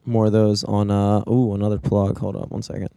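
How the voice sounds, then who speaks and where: A man's voice: lowish voice, level tone, a little fast, gravelly, dark tone, clean tone, no room sound. A man from co-hosting a comedy podcast, bantering casually and swearing freely as he plugs his shows. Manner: laid-back, swears casually. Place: studio.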